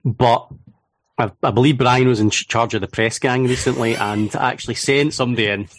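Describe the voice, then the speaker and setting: A man's voice: medium pitch, steady tone, fairly quick. A Scottish man on a football podcast panel, playful and jokey. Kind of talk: casual panel chat.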